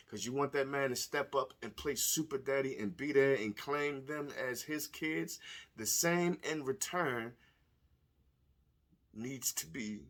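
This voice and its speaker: A man giving blunt, profane, animated commentary to the camera, telling stories and speaking plainly as a stepfather. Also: mid-range voice. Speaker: vlogger. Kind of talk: casual commentary video.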